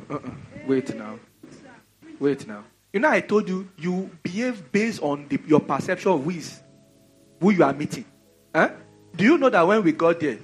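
A Nigerian man preaching a sermon in an animated, conversational way, full of rhetorical questions. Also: fairly high pitch.

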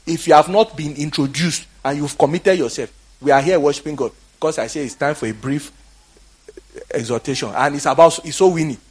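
A Nigerian man preaching a fiery, exhorting sermon that swings from quiet talk to shouting. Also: fairly high pitch, brisk, husky. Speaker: pastor.

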